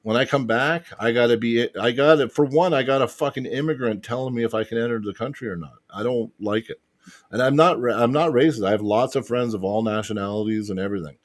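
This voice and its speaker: A man's voice: medium pitch, fast. A Canadian man hosting a casual podcast chat, ranting animatedly and swearing freely. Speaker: podcast host.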